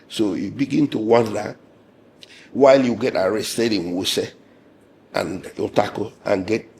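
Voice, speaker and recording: A man with a hoarse, gravelly voice recounts his account in an interview. He speaks in a low register, measured and indignant, pausing often with fillers. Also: slight background noise. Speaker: lawyer and interviewee.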